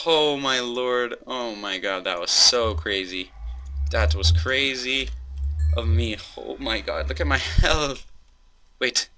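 A young man hosting gameplay commentary, excitable and full of startled exclamations. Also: medium pitch, takes it slowly, a little hiss or hum. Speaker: host.

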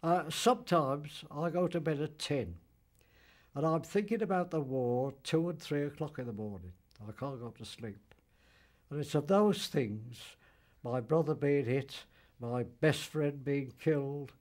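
Casting: very old man, veteran interviewee, halting and fairly high-voiced. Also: darkish tone. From Birmingham, England. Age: older, about 90s. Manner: halting, repeats words, old-fashioned dialect grammar. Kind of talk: spoken recollection in interview.

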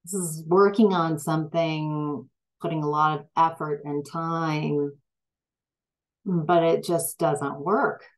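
A woman's voice: low-pitched, fairly even intonation, takes it slowly, low-quality recording. A woman giving a tarot reading, hesitant and full of fillers and restarts, growing emphatic at times. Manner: gets emphatic when frustrated. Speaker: tarot reader.

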